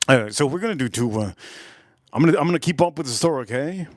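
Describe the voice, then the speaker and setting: Dude rambling on a live stream, kinda high voice, dry close sound, slangy and loose. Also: male voice, expressive, fast, dry recording. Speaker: livestream host, whiskey reviewer. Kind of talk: casual rambling livestream chat.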